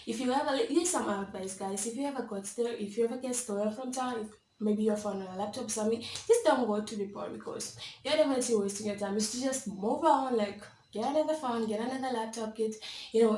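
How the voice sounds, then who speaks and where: A woman's voice: a little high, brisk, reverberant, slight background noise. Chatty young Kenyan woman telling a story. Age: young adult. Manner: animated, dramatic, laughs often, many likes and you-knows. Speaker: vlogger. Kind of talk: casual storytelling to camera.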